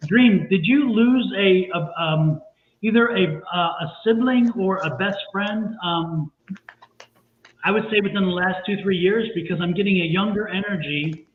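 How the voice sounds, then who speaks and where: A man's voice: high-pitched, unhurried. Earnest man reading tarot over tinny line. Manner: earnest, repetitive, reassuring. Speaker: tarot and psychic reader. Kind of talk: live-streamed psychic reading. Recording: echoey, phone-like line with faint noise.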